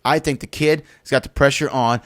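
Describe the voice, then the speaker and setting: A man hosting a podcast in casual chat, telling stories in an animated, teasing way. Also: medium pitch, a little fast. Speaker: podcast host.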